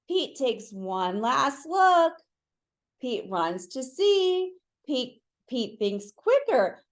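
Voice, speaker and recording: A woman reading a picture book aloud to children, pausing to ask listeners to fill in the words. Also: high-pitched, sing-song. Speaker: children's story reader.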